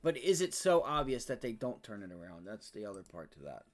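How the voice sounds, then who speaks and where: A young man hosting a live day-trading stream, ranting and swearing about the market, swinging between loud outbursts and low muttering. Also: sing-song, fairly quick. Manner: frustrated, profane, ranting about price action. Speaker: day trading livestream host.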